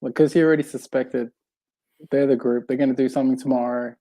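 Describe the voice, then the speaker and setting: A man's voice: mid-range voice, fairly even intonation, fast, warm tone. A man co-hosting a film podcast, reasoning through a theory in casual talk, hesitant and often repeating words.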